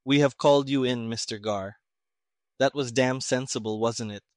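A man voicing a gruff, sarcastic army colonel who speaks emphatically, in an audiobook reading. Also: medium pitch, steady tone, normal speed, dry recording, studio quality, lightly acted.

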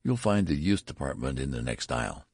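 A man's voice: rumbling low, very animated, brisk, a little mellow, breathy edge, dry recording, clean studio sound, full character voice. A man voicing a curious, matter-of-fact store clerk in a storybook reading. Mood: puzzled.

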